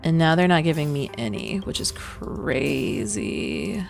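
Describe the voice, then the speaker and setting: A woman's voice: low-pitched, big pitch swings, slow pace, creaky. A woman streaming as a virtual singer and gacha player, chatting playfully with her chat while she plays, humming and laughing as she goes. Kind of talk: casual live-stream chat while gaming. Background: background music.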